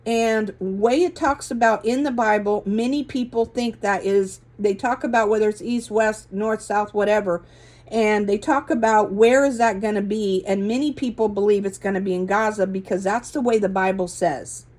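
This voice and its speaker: A woman's voice: medium pitch, steady tone, normal speed, a little mellow. A middle-aged woman earnestly telling a rambling religious testimony, often correcting herself mid-sentence. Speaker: religious video host. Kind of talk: casual testimony monologue.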